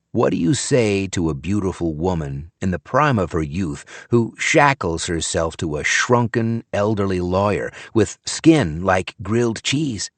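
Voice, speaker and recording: A man narrating a first-person audiobook thriller in a wry, expressive manner on a close studio mic. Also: low-pitched, no echo.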